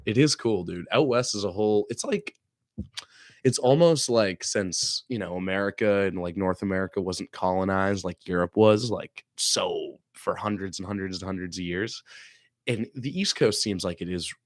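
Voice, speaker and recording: Young man, host, low voice, dry sound, excitable, slangy. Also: normal speed, no echo. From Maine. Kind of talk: casual chat.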